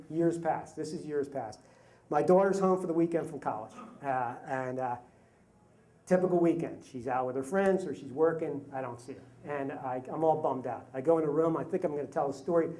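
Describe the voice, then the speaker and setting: A man in his fifties telling a comic personal story live on stage, with self-mocking humor and halting restarts. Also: fairly high pitch, a little mellow, a little hiss or hum. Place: stage before a live audience.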